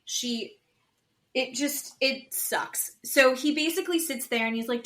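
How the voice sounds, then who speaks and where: Bright, animated woman recapping reality TV. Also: high voice, a little slow. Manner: animated retelling, acting out quotes. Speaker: podcast co-host. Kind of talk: casual reality-TV recap chat.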